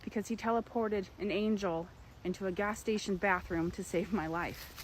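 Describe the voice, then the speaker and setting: A woman's voice: mid-range voice, fairly even intonation, normal speed, a little hiss or hum, poor audio. Young woman telling a true story. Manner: earnest, emphatic storytelling. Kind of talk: personal story told to camera.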